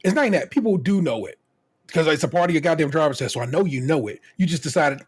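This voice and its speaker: Co-hosting a laid-back podcast, this man goes on a profane, animated rant full of restarts, imitating others in quotes. He speaks at a quick pace in a slightly rough, a little high voice.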